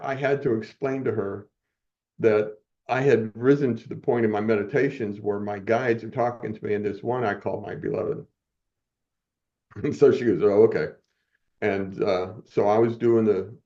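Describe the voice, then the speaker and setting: Mellow older man telling stories. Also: fairly low pitch. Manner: rambling, chuckles often, self-correcting. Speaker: podcast guest. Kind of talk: storytelling in a casual interview. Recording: muffled, dull audio.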